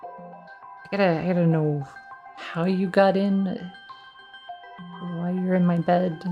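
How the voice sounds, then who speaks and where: A woman's voice: lowish voice, steady tone, slow, highs cut off, soft background music. A woman streamer reading a visual novel aloud, breaking off into giggly, flustered asides and playful reactions.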